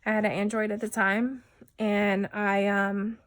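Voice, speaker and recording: A woman from New Jersey recounts her own story as a testimony. She speaks haltingly, restarting her sentences and leaning on fillers, and her voice often sinks quiet. Her pitch sits in a middling range for a woman. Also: flat delivery. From New Jersey, USA. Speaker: widow giving a personal testimony. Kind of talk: personal testimony.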